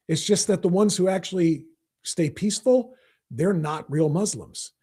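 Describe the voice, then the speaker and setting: A man hosting a political talk show, his voice pitched unusually high with a husky edge. He delivers an emphatic monologue, repeating phrases and building to loud, forceful bursts. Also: moderate pace. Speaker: podcast host.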